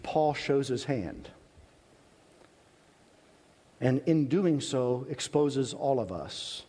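A male pastor preaching a sermon in an earnest, emphatic way, with long pauses. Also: mid-range voice, darkish tone, slightly rough. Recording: reverberant hall.

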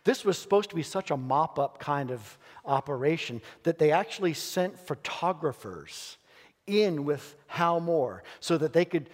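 A pastor preaching a sermon in a church, telling stories earnestly and emphatically with dramatic pauses. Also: male voice, mid-range voice. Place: church sanctuary. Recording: long church hall reverb.

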